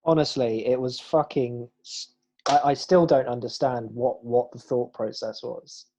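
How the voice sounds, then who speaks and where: A man's voice: mid-range voice, steady tone, a little slow, a little mellow, slight background noise. A young man, co-hosting a casual podcast, cracking jokes and swearing freely. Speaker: podcast co-host. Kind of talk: casual chat. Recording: dull, lo-fi sound.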